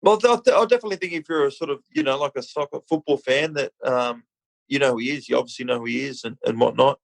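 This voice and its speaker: A man's voice: mid-range voice, quick pace, creaky, poor audio. An Australian man, a retired rugby league player, chatting casually as a podcast guest and calling the host mate. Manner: relaxed, chatty, calls everyone mate. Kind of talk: casual interview chat.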